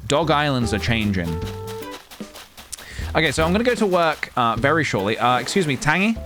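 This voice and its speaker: A man's voice: a little high, big pitch swings, brisk, pauses often, over music. Rambling, jokey male streamer. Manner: playful, rambling, jokey, many restarts. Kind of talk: casual gameplay chat.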